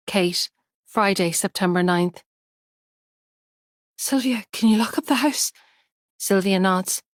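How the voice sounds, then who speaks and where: A woman narrating a thriller audiobook in a measured, tense way. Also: mid-range voice, dry recording, studio quality. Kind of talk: scripted narration.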